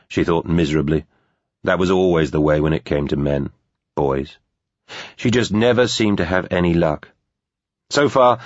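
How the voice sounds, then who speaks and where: A man reading a novel aloud in steady, measured scripted narration. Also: low voice, no room sound. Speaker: audiobook narrator. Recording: dull, lo-fi dry recording.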